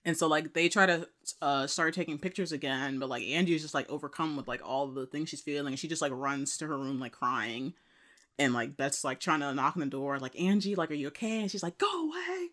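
A woman casually recapping a TV episode as podcast co-host, acting out characters' lines with sudden pitch jumps. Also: fairly even intonation, a little fast, fairly bright tone.

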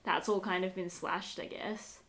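A woman's voice: medium pitch, steady tone, measured pace, a bit bright. A woman co-hosting a podcast in casual chat, talking loosely with many fillers and laughs. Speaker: podcast co-host.

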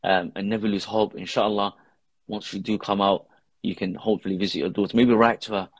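A man's voice: on the low side, little pitch movement, fairly quick, no room sound. A man telling an earnest personal story in a casual podcast conversation, with Arabic religious phrases woven into his talk. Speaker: guest, father who posts videos with his daughter.

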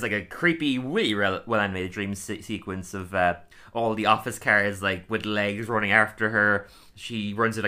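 A man's voice: lowish voice, sharp tone. A man co-hosting a podcast, recapping a cartoon episode in a chatty, laughing way with lots of "like". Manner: chatty, laughs often, fills with "like". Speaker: podcast co-host.

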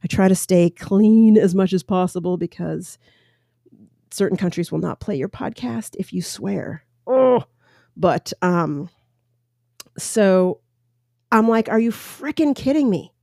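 Mellow-voiced woman ranting on her podcast. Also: on the low side, slow pace, creaky, long pauses, no room sound, clean studio sound. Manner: opinionated, rambling, self-correcting. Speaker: podcast host. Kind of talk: casual solo podcast commentary.

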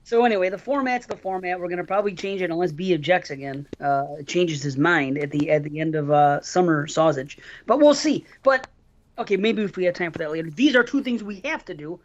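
A man's voice: high-pitched, expressive, normal speed, lo-fi sound, slight background noise. A man hosting a casual podcast, reading listener mail aloud and chatting with his co-hosts. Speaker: podcast host.

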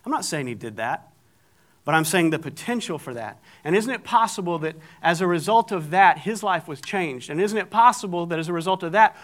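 A man's voice: sits high, fairly bright tone. A middle-aged man preaching, telling a story with animation and acting out the people in it. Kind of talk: storytelling sermon.

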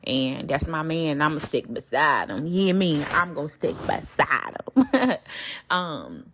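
A young woman hosts her solo podcast in a candid, animated way. Her speaking voice sits a little lower than most women's. She talks in slang and curses freely as she confides in her listeners. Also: takes it slowly, a little hiss or hum. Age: young adult. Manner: talks straight to listeners, often asking "you hear me?". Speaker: podcast host. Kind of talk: casual solo podcast talk.

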